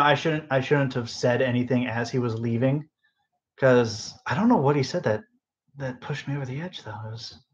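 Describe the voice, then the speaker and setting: A young man rambling through a story from his retail job, losing his thread and wandering into asides, sounding sleep deprived. His voice sits at an ordinary middle pitch. The phone on his bedside table gives the sound a slightly dull, muffled quality. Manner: rambling, lots of fillers and asides. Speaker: podcast host. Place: bedroom, phone on end table.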